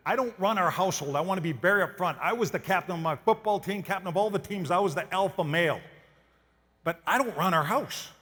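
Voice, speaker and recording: A man from Canada gives a motivational talk to an audience in a folksy, storytelling way. His voice sits a little high for a man. Long reverb from the large hall trails after his words. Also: fairly bright tone. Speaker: motivational speaker.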